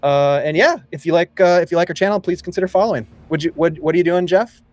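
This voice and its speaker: Game master man, slightly high voice. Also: quick pace, a little mellow, no echo. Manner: friendly, hesitant with fillers, laughs often. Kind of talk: running a tabletop game stream.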